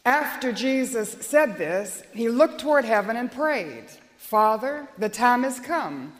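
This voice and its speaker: A woman's voice: fairly high pitch, animated, slow, hardly any pauses, in a large hall. A woman preacher delivering an earnest, emphatic sermon and prayer in a church.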